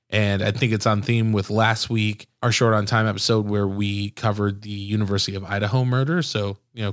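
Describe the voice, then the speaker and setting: Upbeat, easygoing male podcast host. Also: fairly low pitch. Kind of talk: casual chat and ad reads.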